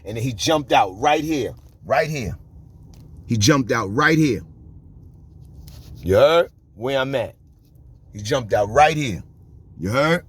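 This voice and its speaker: A man's voice: medium pitch, expressive, measured pace, pauses often, breathy edge. Slangy New man telling a street story. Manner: slangy, keeps checking in with "you heard?", frequent repeats. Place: on the move along a city street route.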